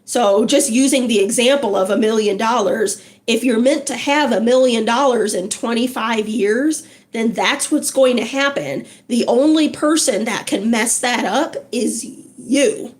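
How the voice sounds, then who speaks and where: Woman, high voice, slow pace, casual livestream host, encouraging, chatty. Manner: encouraging, chatty, greets viewers by name.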